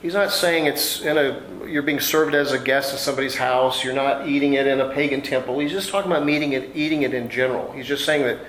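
A man preaching a sermon to a congregation, reading scripture and explaining it in a relaxed, conversational way with homey family anecdotes. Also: medium pitch, quick pace, few pauses, slight background noise. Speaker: pastor. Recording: echoey room with faint ambience.

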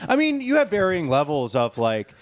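A man's voice: on the high side, wildly swooping pitch, moderate pace, no room sound. A man chatting casually on a podcast, joking and swearing, from Pennsylvania. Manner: profane, joking, does voices mid-story. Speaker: podcast co-host. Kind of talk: casual chat.

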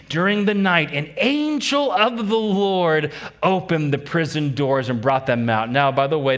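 A man's voice: mid-range voice, a bit bright. A man preaching a sermon as a pastor, emphatic and repeating key phrases, putting questions to his congregation.

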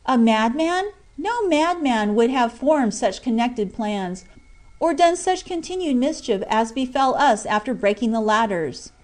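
A woman reading an audiobook, voicing a serious, brooding young male miner who speaks low and firmly. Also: animated, unhurried. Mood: grave. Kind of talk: audiobook character voice.

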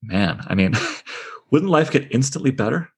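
A man's voice: mid-range voice, expressive, moderate pace, slightly rough. A man leading a book discussion podcast, reflecting aloud, asking questions and reading passages to the group. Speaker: discussion leader.

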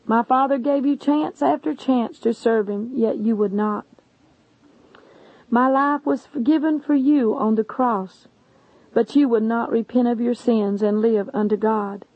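In a dull lo-fi, dry recording, a woman voices a sorrowful, stern male savior who speaks solemnly of judging souls. Her voice is a little high and a little slow.

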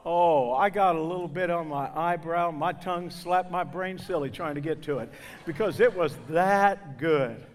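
A man from southern Indiana preaching a sermon to a congregation, loud and exclaiming, with folksy jokes. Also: fairly high pitch, moderate pace, slight background noise. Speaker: guest preacher. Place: church sanctuary. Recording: reverberant hall.

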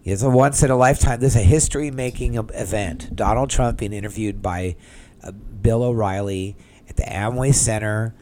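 A man casually telling a personal story to the camera in an excitable, rambling way, acting out the conversations he had. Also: lowish voice, normal speed, slight background noise. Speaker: vlogger.

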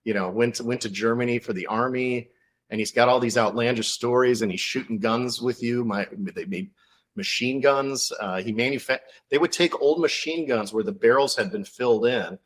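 A man's voice: medium pitch, brisk. A male author, a guest on a podcast, telling a story in a casual interview with lots of fillers. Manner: animated storytelling, many fillers.

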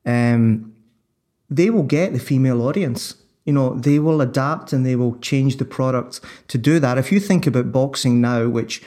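A man argues his point in a relaxed sports talk. He sounds sure of himself and builds his case steadily. His voice is mid-pitched and conversational. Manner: confident, persuasive, builds an argument. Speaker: podcast co-host. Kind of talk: casual discussion.

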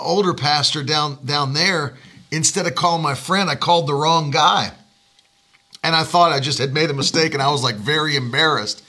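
A man, a pastor, telling a personal story in casual chat and laughing as he talks. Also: a little high. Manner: animated storyteller, laughs while talking.

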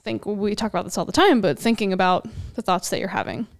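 Expressive and gravelly, this woman's mid-range voice races along quickly. As a podcast co-host in a casual faith conversation, she speaks earnestly and reflectively in long, flowing stretches.

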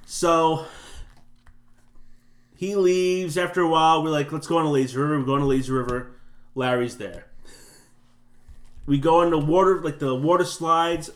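A man's voice: fairly high pitch, a little slow, pauses often. Man telling a rambling story. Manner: rambling anecdotes with laughs. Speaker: podcast co-host. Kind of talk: casual storytelling chat.

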